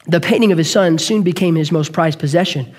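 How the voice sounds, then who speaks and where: High-voiced preacher telling a story. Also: male voice, darkish tone. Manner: earnest storytelling, quick with self-corrections. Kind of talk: sermon.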